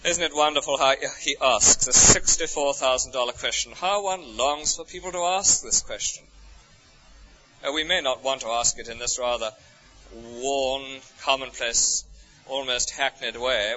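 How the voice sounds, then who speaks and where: An English preacher delivers his sermon with a bright, forceful edge. He leans on rhetorical questions, lifting high with feeling and then dropping to near a whisper. The recording is muffled and lo-fi. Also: normal speed. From England. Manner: expressive, rhetorical questions, swings from soaring to hushed. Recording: dull lo-fi recording.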